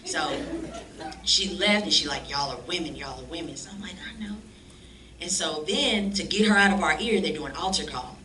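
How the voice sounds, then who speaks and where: A woman telling her life story as a church guest, animated and slangy, acting out the voices of people she quotes. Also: on the low side, moderate pace. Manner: animated, acts out quoted dialogue in slangy speech. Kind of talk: lively storytelling testimony. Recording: echoey room, distant mic, faint noise.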